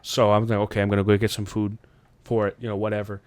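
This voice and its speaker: Guy on a podcast rambling through a story, swears a lot, smooth clear voice, super dry close mic. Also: completely flat delivery, fast talker, no room sound. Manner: rambling, profane, jumps into high voices quoting people. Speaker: podcast host. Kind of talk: casual storytelling chat.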